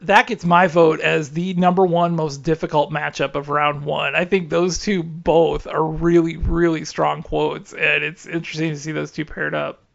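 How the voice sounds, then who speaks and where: A man with a slightly high, gravelly voice co-hosts a podcast, talking loosely and laughing along. He wanders through his points with lots of fillers, and the sound is dull and lo-fi. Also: flat delivery, moderate pace, few pauses, a bit bright. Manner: rambling, filler-heavy, laughs often. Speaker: podcast co-host. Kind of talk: casual sports-radio chat.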